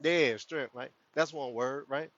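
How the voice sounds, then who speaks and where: Hosting a spiritual community livestream, a man talks a little slowly in a medium-pitched, somewhat bright voice. His spiritual chat with viewers is loose and full of laughter. The audio is dull and lo-fi, with no room sound.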